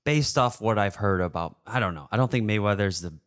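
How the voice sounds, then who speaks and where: A man's voice: on the low side, fairly quick, a bit bright. A young man from Michigan co-hosting a podcast, telling a story in casual chat and acting out quotes with bursts of laughter. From Michigan, USA. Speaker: podcast co-host.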